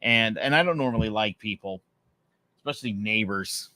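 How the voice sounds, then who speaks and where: A man co-hosting a casual podcast, telling animated stories. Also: lowish voice, normal speed, no room sound. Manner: animated storyteller who acts out dialogue. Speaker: podcast co-host.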